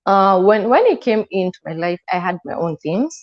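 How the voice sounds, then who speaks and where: A woman's voice: mid-range voice, very animated, normal speed. Kenyan woman guest, emotional storyteller who voices the people in her account, slightly muffled lo-fi sound. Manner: emotional, acts out quoted dialogue. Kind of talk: personal storytelling in an interview.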